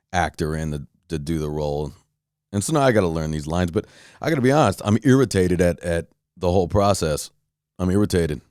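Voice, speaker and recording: Low-voiced man ranting casually. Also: no room sound, studio quality. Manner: animated, profane, restarts a lot. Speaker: podcast host. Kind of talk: casual storytelling rant.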